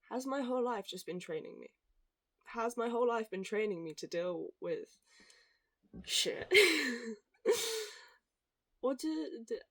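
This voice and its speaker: Young woman ranting on her vlog, swears a lot, bouncy pitch, dead dry sound. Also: no echo. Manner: animated, swearing, quick asides, acts out quoted voices. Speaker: vlogger. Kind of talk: casual storytelling rant.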